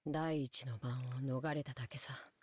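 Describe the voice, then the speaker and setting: A voice actor playing a gloomy, cynical teenage boy servant in a visual novel, speaking in a bitter, resigned tone with quiet mockery. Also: medium pitch, steady tone, brisk, breathy edge, dry recording, close to an everyday voice.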